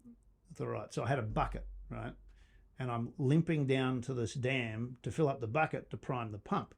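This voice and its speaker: Gravelly-voiced man telling a story. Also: medium pitch, normal speed. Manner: animated storyteller, laughs often, acts out quotes. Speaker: company founder guest. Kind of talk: podcast storytelling.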